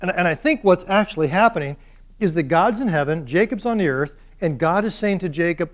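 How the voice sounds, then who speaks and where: A male university lecturer giving a classroom lecture in an animated way, putting questions to his students. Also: sits high, brisk.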